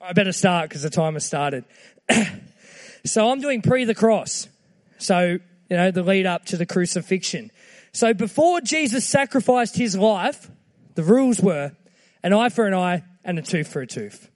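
Man, high voice, earnest casual sermon delivery. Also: lively intonation, moderate pace, in a large hall. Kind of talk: short timed sermon.

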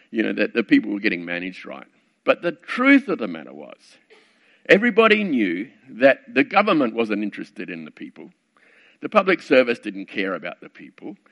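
A middle-aged male preacher spins a story from his working life with a gravelly edge to his voice. He talks conversationally, full of fillers and wry asides. The recording is dull and lo-fi. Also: mid-range voice, fairly bright tone. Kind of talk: storytelling sermon.

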